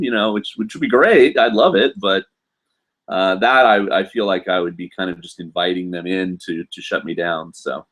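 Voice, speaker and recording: Hosting a live stream from his computer, a man with a slightly low voice works through viewer questions in a relaxed, off-the-cuff way. He rambles chattily, filling every pause with ums and you-knows.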